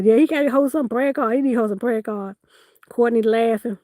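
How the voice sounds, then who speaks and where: A woman runs a casual live-stream sale from her phone, joking, teasing and laughing as she reads viewers' comments aloud. Her voice sits a little high and lively. The sound is close and dry, with no room echo. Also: fairly quick.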